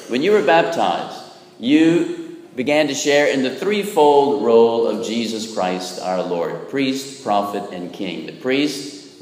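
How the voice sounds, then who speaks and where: A man's voice: fairly low pitch, darkish tone. A man, a Catholic priest, preaching a homily with a folksy, humorous manner, often checking in with "right?". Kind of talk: sermon. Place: church. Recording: echoey church with long reverb.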